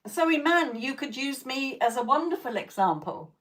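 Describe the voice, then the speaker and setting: A woman's voice: high voice, lively intonation, normal speed, fairly bright tone. Blunt, laughing woman psychic host. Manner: blunt and profane, laughing often; coaching, repeats "okay?" to check in. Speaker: psychic tarot reader hosting a live stream. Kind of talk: casual live-stream chat with viewers.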